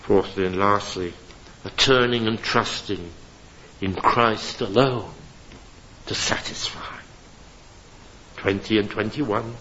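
A man preaching from a church pulpit, impassioned and emphatic, swinging between loud declarations and hushed appeals. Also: on the low side, fairly even intonation, slow pace, pauses often, dull audio. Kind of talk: sermon.

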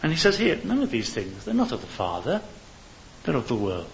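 A man's voice: mid-range voice, huge pitch swings, a little fast, vocal fry. Earnest male preacher on a dull, hissy recording. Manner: earnest, rising to fervent appeals. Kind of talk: evangelistic sermon.

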